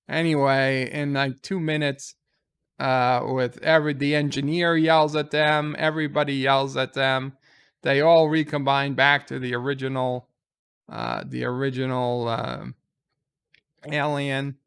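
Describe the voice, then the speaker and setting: Slow, smooth-voiced man recapping an episode. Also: medium pitch, steady tone, fairly bright tone. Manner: rambling retelling with fillers and quoted lines. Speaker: TV episode reviewer. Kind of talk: casual plot recap.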